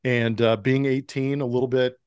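Speaking at a moderate pace with a clean tone, a middle-aged man of medium pitch shares anecdotes as a podcast interview guest. Once a pro baseball player, he brings the quoted dialogue to life by voicing each speaker, and the recording is dry.

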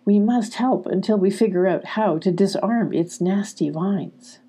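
A woman voicing Shine, a calm, soothing, motherly magical dog in a storybook. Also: medium pitch, unhurried, breathy edge.

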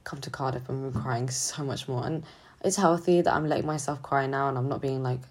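A young woman student talking haltingly and hesitantly in a confessional vlog, sounding drained and low on energy. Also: a little mellow. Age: young adult. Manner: halting, hesitant, full of restarts. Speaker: student vlogger.

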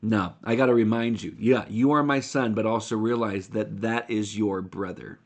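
A man's voice: lowish voice, steady tone, normal speed. A man preaching a sermon as a pastor, speaking earnestly and directly to his listeners, with occasional restarts.

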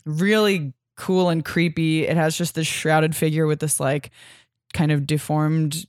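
A woman co-hosting a comics podcast, chatty and giggly, swearing casually in relaxed chat. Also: low-pitched, a little slow, no room sound, clean studio sound. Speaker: podcast co-host.

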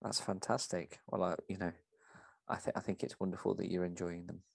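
A man's voice: sits low, level tone, a little fast, gravelly, husky, no room sound. A man co-hosting a podcast, reading a script aloud and discussing it with a theatrical delivery.

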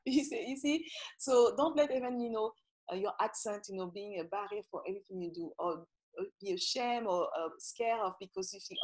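Husky french-accented woman on a podcast, pushy and emphatic, lots of uhs. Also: fairly high pitch, a little fast, darkish tone. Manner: emphatic, hesitant with many fillers. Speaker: podcast guest, magazine founder. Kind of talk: interview answers.

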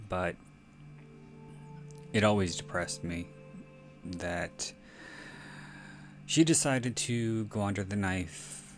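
Male podcast host, deep and unhurried, loose rambling commentary with swearing. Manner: rambling, frequent self-corrections and profanity. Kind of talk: casual movie commentary.

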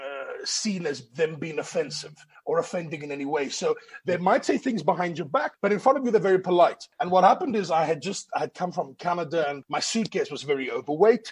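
A man telling animated anecdotes in casual chat. He is expressive, swears freely and slips into voices. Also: high voice, slightly rough. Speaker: guest storyteller.

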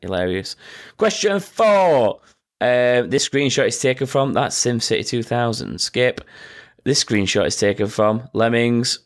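A man's voice: medium pitch, lively intonation, measured pace. A man hosting a casual quiz with friends, reading out questions and making sarcastic, sweary asides. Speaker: quizmaster.

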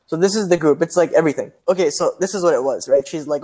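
A man's voice: fairly high pitch, quick pace, warm tone, husky. A young man from Pakistan, a university student, telling a story in casual chat, acting out quotes. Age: young adult. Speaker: guest.

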